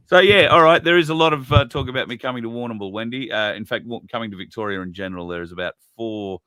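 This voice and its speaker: A man's voice: mid-range voice, fast talker, hardly any pauses, sharp tone, no room sound. An Australian man hosting a live stream in a rambling, chatty way, laughing often. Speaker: host. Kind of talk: casual live-stream chat.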